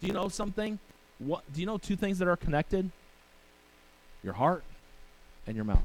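A man with a fairly high voice preaches as pastor in a conversational manner, frequently asking "right?" and making asides. He reads scripture aloud using King James wording. Slight background noise sits under a rough recording.

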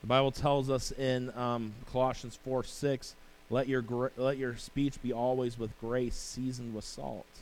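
A man's voice: medium pitch, little pitch movement, a little slow, a little mellow, slight background noise, poor audio. A male pastor preaching a sermon in a conversational way, often asking "right?" and reading scripture aloud. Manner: conversational preaching with rhetorical questions and asides; reads scripture in King James wording.

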